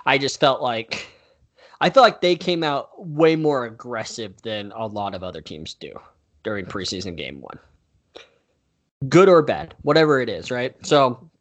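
A man co-hosting a casual sports podcast, chatty and quick to correct himself with apologetic asides. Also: mid-range voice, big pitch swings. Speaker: podcast co-host.

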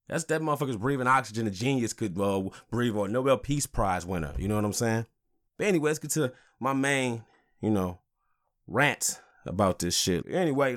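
A man in his thirties, a father, hosting a podcast and ranting angrily with lots of swearing and "you know what I'm saying.". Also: fairly low pitch. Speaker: podcast host.

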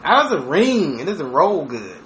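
A man hosting a podcast, talking in casual crude banter, animated and profane, laughing often. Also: a little high, moderate pace. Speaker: podcast host. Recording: echoey room with faint noise.

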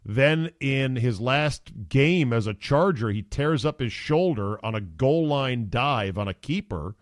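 A middle-aged man hosts a casual sports talk show, blunt and full of opinions. His voice sits at an ordinary pitch. The sound is dry and close, with no room around it. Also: lively intonation, measured pace, dry recording. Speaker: podcast host.

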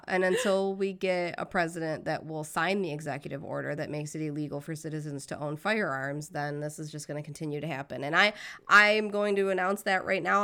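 Outspoken American woman co-host, lower register, casual and profane. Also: vocal fry, sharp tone. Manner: outspoken, swears freely. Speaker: podcast co-host. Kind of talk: casual blunt podcast chat. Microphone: remote call, connection drops.

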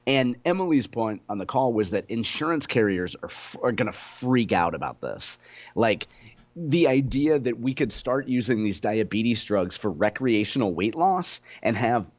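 A man's voice: mid-range voice, sing-song, moderate pace, muffled recording. Wry joking middle-aged man. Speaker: radio co-host. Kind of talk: casual radio talk.

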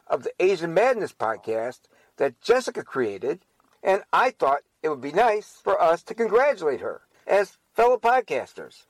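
A man co-hosting a podcast, acting in a short comic skit with a lively, reassuring manner. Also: a little high, measured pace, dry recording, rough recording. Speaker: podcast co-host.

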